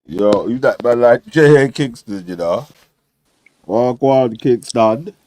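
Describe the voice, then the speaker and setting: A man's voice: medium pitch, lively intonation, moderate pace, darkish tone, no room sound, rough recording. A young man hosting a casual panel debate, full of slang, laughing often and mimicking people. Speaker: debate show host.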